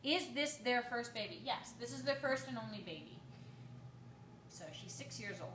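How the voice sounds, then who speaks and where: A woman chatting casually on her channel and reading a post aloud, affectionate and quick, often restarting her sentences. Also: on the high side, expressive, reverberant, noisy background. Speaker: vlogger.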